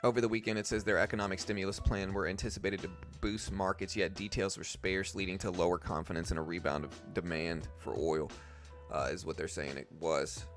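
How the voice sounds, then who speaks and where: A man hosts a live trading stream, thinking aloud quickly and casually with slang like "dude" and "bro." His low voice holds a steady tone over a desk microphone, with faint music in the background.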